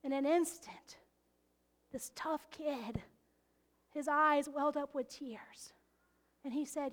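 A woman preaching a sermon, expressive and often laughing, dropping into hushed whispers to stress a point. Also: high voice, takes it slowly, long pauses.

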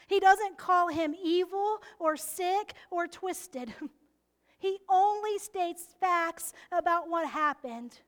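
High-voiced, expressive woman preaching. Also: takes it slowly. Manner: expressive, often laughing, drops to hushed whispers for emphasis. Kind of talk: sermon.

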